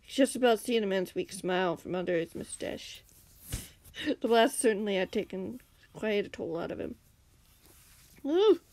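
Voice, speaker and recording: A woman's voice: mid-range voice, normal speed. A woman reading her own fan story aloud, stumbling and laughing now and then. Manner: reads with slips and giggles, acts out shouted lines. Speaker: fanfiction reader.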